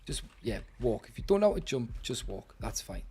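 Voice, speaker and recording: A man's voice: mid-range voice, very animated, a little fast, dark tone, a little hiss or hum. A British man streaming a game live, chatting with viewers and grumbling in exasperation. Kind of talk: live gaming commentary.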